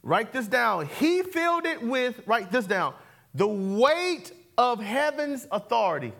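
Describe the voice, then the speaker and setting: A man's voice: very high voice, sing-song, takes it slowly, vocal fry, fairly bright tone. A man preaching a sermon, calling for responses and repeating key words. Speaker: pastor. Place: church sanctuary.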